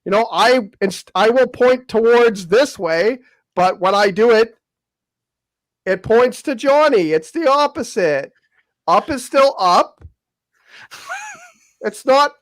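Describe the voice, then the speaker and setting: A man's voice: very high voice, lively intonation, slow pace, long pauses, no echo. A man co-hosting a casual panel chat over a video call, joking and ribbing the others smugly. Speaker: co-host.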